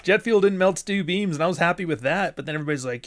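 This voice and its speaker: A man's voice: fairly high pitch, expressive. A man hosting a live stream, chatting casually with a guest, cursing freely and joking. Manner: profane, joking, quick asides. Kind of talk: casual chat.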